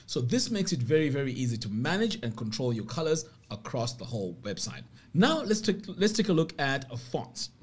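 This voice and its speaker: A man narrating a screen-recorded web design tutorial step by step, upbeat about what the features do. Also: mid-range voice.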